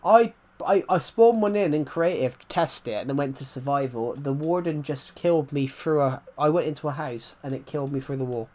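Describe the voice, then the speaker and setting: Young male streamer, twenties, slightly high voice, rambling casual chat with frequent restarts. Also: expressive, fairly quick, hardly any pauses, a little mellow. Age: 20s. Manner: rambling, often restarts and repeats phrases. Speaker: live streamer.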